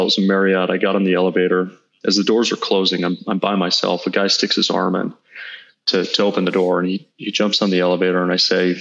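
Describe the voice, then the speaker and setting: A man in his thirties speaks low, with a gravelly edge of vocal fry. He tells a personal story in an earnest, halting way, restarting small phrases as he goes. The audio is slightly dull and lo-fi. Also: fairly bright tone. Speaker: guest entrepreneur. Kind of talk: reflective storytelling in an interview.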